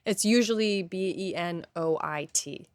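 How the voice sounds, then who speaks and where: Woman, interview guest, slow and hesitant, lower voice, dry close sound. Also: dry recording. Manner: thoughtful and hesitant, with many pauses and fillers. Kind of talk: candid interview talk.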